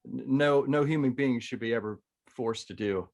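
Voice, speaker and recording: A man's voice: medium pitch, normal speed, a little mellow. A middle-aged man, a band's drummer, telling road stories with playful, self-mocking humor. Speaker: band drummer, podcast guest. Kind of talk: casual storytelling chat.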